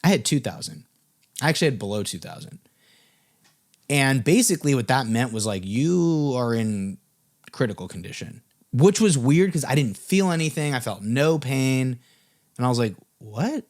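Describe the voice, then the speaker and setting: A man's voice: medium pitch, animated, moderate pace, a little mellow. Casual young man telling a story. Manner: casual, filler-heavy, swearing. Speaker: music business coach.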